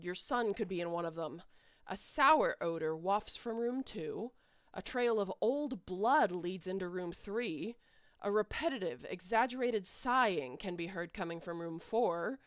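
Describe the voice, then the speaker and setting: Young woman reading a webcomic aloud, slow and playful, lively pitch, dry close mic. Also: no echo. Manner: playful, animated, reacts to the text. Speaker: webcomic reader.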